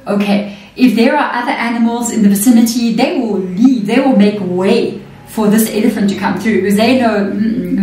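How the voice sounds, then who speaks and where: This tarot reader has a mid-range voice with a dark tone and keeps her casual spiritual reading chatty. She often checks in with listeners using "okay" and "you know what I mean." The room is echoey and the microphone sits far away.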